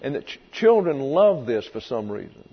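A man's voice: medium pitch, very animated, moderate pace, breathy edge. A man preaching an expository sermon, emphatic and vivid, sometimes acting out voices. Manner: emphatic, acts out voices in quotes. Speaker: pastor. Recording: reverberant hall, dull lo-fi sound, mains hum.

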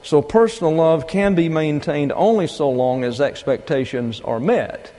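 An older man preaching a sermon, teaching deliberately and with emphasis, pausing for asides. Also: on the high side, animated, dark tone. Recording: long reverb of a large hall.

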